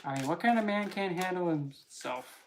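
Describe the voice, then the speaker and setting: A casual tarot vlogger with a mid-pitched voice who rambles through readings. The delivery is chatty and full of jokes and self-corrections. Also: lively intonation, moderate pace, a little hiss or hum. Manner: rambling, joking, self-interrupting. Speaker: tarot reader.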